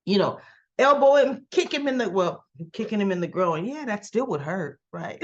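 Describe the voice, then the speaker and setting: A woman casually recapping a soap opera episode for her vlog, excitable and gushing, and she acts out the characters' lines. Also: on the high side, a little slow, lo-fi sound.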